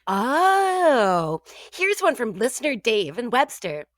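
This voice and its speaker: Female radio co-host, bright high voice, dry close sound, comedic banter. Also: takes it slowly, no echo. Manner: playful, deadpan jokes. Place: radio studio.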